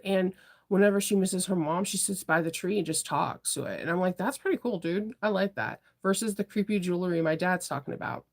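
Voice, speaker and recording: Chatty, rambling woman sewing livestreamer. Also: fairly low pitch. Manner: chatty, rambling, laughs often. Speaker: livestream host, sewing shop owner. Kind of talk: casual livestream chat.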